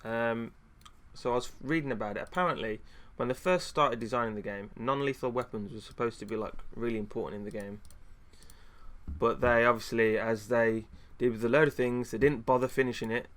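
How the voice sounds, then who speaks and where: A man's voice: mid-range voice, fairly even intonation, normal speed, a bit bright. A man streaming, chatting casually in a frustrated rant with lots of fillers and restarts. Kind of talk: casual chat.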